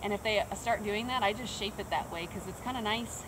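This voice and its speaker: A woman's voice: mid-range voice, fairly quick, background noise. A woman dog trainer casually explaining her method outdoors, chatting as she works. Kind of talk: casual instructional talk. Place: outdoors, quiet snowy open area.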